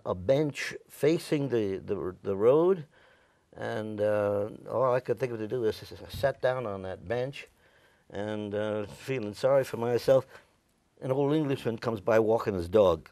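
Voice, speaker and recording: A man's voice: medium pitch, darkish tone, dry recording. A man in his nineties from Staten Island, New York, telling his memories in an oral history interview. He rambles a little and acts out the voices of the people in his stories. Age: older; 90s. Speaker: veteran interviewee.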